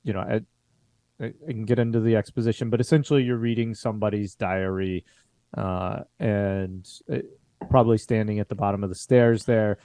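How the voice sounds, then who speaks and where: A man runs a tabletop game, circling his thoughts with fillers and restarts. His voice is mellow and dark, recorded dry and close to the mic. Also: on the low side, fairly even intonation, fairly quick, no echo. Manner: hesitant, full of filler words. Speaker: game master.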